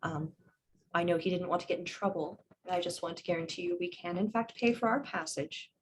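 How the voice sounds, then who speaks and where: A woman's voice: fairly low pitch, a little fast, a little hiss or hum. A woman playing a tabletop game, speaking in character in a polite, earnest, formal way. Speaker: player. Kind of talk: in-character tabletop role-play.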